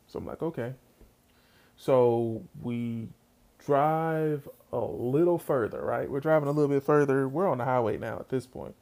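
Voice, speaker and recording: Man, gravelly voice, casual comic storytelling, slangy and chatty, speaks straight to the listener. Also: medium pitch, moderate pace, darkish tone.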